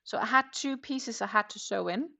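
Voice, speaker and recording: A woman's voice: a little high, moderate pace, creaky, bright, forceful tone. A woman hosting a live crochet stream, chatting in a rambling, casual way and answering viewer comments as she works. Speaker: crochet livestream host. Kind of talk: casual chat while crocheting.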